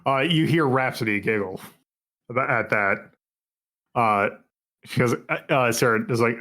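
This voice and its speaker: A male game master narrating a tabletop game at a middle pitch. He talks in a loose, halting way and often backs up to restart his sentences. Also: pushed and bright.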